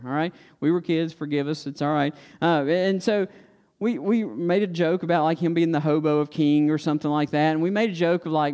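Folksy preacher in a reverberant hall. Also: male voice, sits high, a little mellow. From Stokes County, North Carolina. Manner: folksy, confessional, acts out family dialogue. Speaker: pastor. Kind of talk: sermon storytelling.

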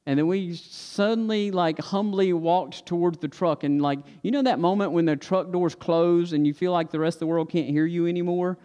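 A man preaches in a folksy, confessional style, talking to his listeners. His voice sits a little high for a man and rings with a long reverb in a big hall. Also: fairly even intonation, normal speed, hardly any pauses, mellow. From Stokes County, North Carolina. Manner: folksy, confessional, acts out family dialogue. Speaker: pastor. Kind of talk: sermon storytelling.

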